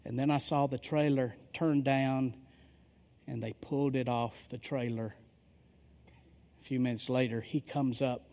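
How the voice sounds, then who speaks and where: A man's voice: mid-range voice, steady tone, unhurried, long pauses, warm tone. A middle-aged male pastor telling a story in a sermon, acting out the dialogue of the people in it. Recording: long reverb of a large hall.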